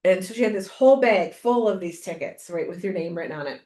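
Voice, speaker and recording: A woman co-hosting a podcast, chatting casually and telling an excited personal story. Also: fairly low pitch, quick pace. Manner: excited, storytelling, acts out quoted voices. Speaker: podcast co-host. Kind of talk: casual chat. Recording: roomy echo.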